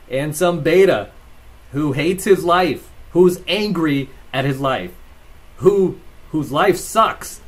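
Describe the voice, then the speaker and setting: A man hosting his own vlog. He rambles through casual commentary and stories, laughs as he talks, and keeps asking "right?". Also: medium pitch. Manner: rambling, tags lines with "right?"; laughs while telling stories. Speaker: channel host.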